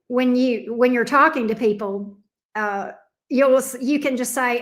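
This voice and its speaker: Chatty Southern woman, fairly high voice. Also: normal speed. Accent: Southern US, Alabama. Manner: chatty and rambling, reacting to viewer comments. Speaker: tarot reader and live stream host. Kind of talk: casual live-stream chat with viewers.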